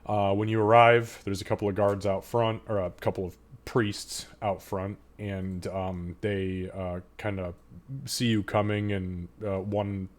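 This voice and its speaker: A man narrating as game master of a tabletop game, with a fairly low voice. He talks casually and quickly through the scene. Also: level tone.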